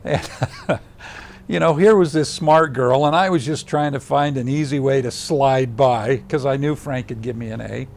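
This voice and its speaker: In an interview, an older man with a mid-range, gravelly voice tells a personal story at a moderate pace and with few pauses. He's animated, acting out what other people said, and his voice falls to a hush for the tender moments. A close mic picks him up, and a faint hum sits in the room behind him.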